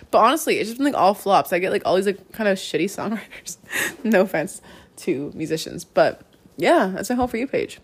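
A woman's voice: medium pitch, expressive, a little fast, slightly rough. A young woman co-hosting a podcast in casual chat, talking freely and laughing as she goes. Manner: chatty, laughing, swearing freely. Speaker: podcast co-host.

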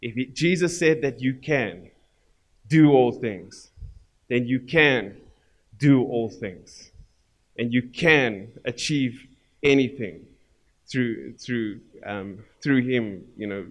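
A man with a South African accent preaching a sermon as pastor, swinging between loud emphatic lines and quiet asides. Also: medium pitch, slow.

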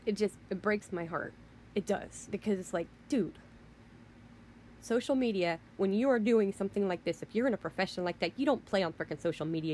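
A woman's voice: lowish voice, a little mellow, a little hiss or hum. A woman hosting a podcast, ranting in an indignant, heated way with mild swearing and frequent restarts. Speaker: podcast host. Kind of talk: casual rant.

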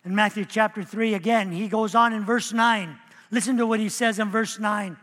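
A man preaching a sermon as pastor, animated and acting out the voices he quotes. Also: high-pitched, moderate pace. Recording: long hall reverb.

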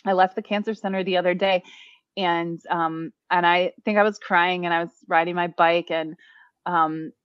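A woman's voice: fairly low pitch, steady tone, normal speed, clear, resonant tone, no echo. Woman guest, earnest and rambling, muffled dry recording. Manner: earnest, rambling with many fillers. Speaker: interview guest. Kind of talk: casual conversation. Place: New Orleans.

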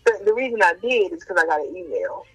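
A woman's voice: lowish voice, very animated, fast, husky, poor audio. A woman co-hosting a podcast, chatting casually with slangy, exclamatory talk; she works as a teacher. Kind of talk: casual chat.

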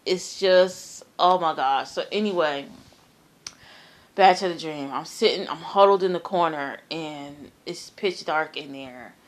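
Slow, halting woman recounting a dream. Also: deep voice. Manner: halting, repeats words, trails off softly; earnest, emphatic about the terror. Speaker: storyteller sharing a personal dream. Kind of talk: casual personal testimony.

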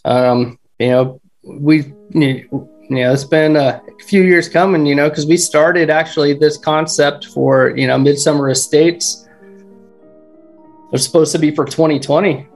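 Slightly high-voiced man rambling casually. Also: fairly even intonation, unhurried, soft background music. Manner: rambling, heavy use of "you know". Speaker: podcast guest, haunt builder. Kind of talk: casual chat.

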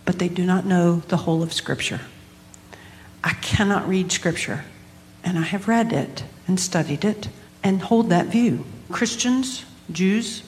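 A woman pastor co-hosting a live podcast, explaining scripture in an earnest, measured way. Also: medium pitch. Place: large hall with a live audience. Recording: hall reverb.

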